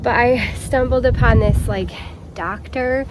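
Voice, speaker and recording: A woman's voice: medium pitch, measured pace, very noisy. A woman vlogging about her home garden in a casual, rambling chat, talking straight to her viewers while she works outdoors.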